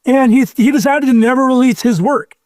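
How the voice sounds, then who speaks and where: A man's voice: very high-pitched, fairly quick, dry recording, studio quality. A man telling a long story in casual chat, rambling and acting out quotes. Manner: rambling, animated storyteller who acts out quotes. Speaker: podcast guest.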